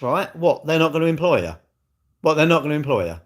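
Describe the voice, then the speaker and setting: A man's voice: a little high, big pitch swings, fast. An older man chats on his own livestream in a blunt, argumentative way. He swears freely and answers his commenters head-on. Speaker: livestream host. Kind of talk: casual livestream chat.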